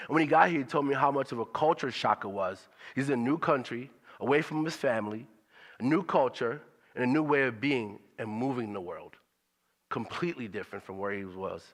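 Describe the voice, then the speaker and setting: A man's voice: medium pitch, a bit bright, big-room sound. A man speaking at a church service in a conversational, motivational way, repeating his questions for emphasis.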